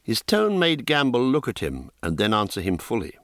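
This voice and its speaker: A man reading a fantasy novel aloud in calm storytelling narration. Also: on the low side, moderate pace, few pauses, no room sound, studio quality. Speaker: audiobook narrator. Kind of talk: scripted narration.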